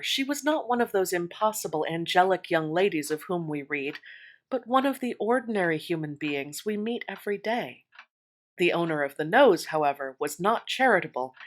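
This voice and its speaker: A woman narrating an old novel in an expressive, wry storytelling manner. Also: fairly low pitch, poor audio.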